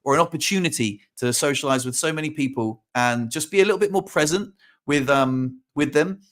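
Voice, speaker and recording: A man's voice: on the high side, a little fast, a bit bright. A young adult man telling a story in casual chat, rambling with restarts and acting out quotes. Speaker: podcast host.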